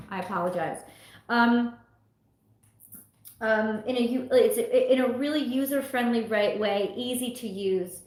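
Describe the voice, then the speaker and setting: A woman's voice: on the high side, a little slow, darkish tone. A young woman, a tarot reader, talking casually from home on a livestream and venting her frustration with some swearing. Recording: echoey room.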